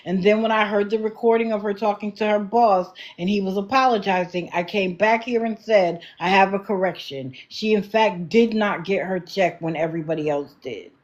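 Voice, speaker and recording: A woman hosting a casual livestream, answering viewer comments with quick apologetic asides and animated reactions. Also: mid-range voice, highs cut off. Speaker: livestream host.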